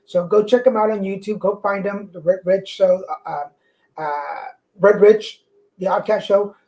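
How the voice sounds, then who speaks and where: A woman with a slight Mexican accent, hosting a livestream tarot show and chatting casually and excitedly to viewers, often restarting her sentences. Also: medium pitch, a little slow, rough recording. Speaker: livestream tarot reader host. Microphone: corded mic.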